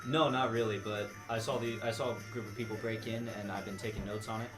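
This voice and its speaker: A man's voice: lowish voice, steady tone, fast talker, music in the background. A man playing in a tabletop game, firm and insistent, in a game store. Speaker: player. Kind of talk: casual tabletop play.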